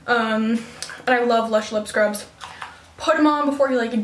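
A woman's voice: on the high side, normal speed, slight background noise. Chatty teenage girl, roomy and distant. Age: teens. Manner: chatty, rambling, fills with "like" and "um". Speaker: beauty vlogger. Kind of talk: casual skincare vlog.

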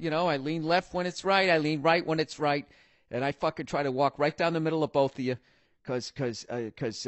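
A man's voice: mid-range voice, no room sound. A middle-aged American man hosting a podcast, ranting profanely through a comic monologue and mocking people in put-on voices. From United States. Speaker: podcast host. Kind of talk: comedic monologue rant.

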